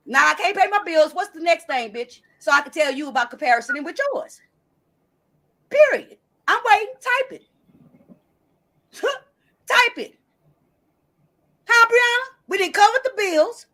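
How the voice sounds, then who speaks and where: A woman's voice: very high voice, expressive, a little slow, long pauses, pushed and bright. A woman hosting a live stream, brashly and profanely calling out a viewer while reading the chat. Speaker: livestream host.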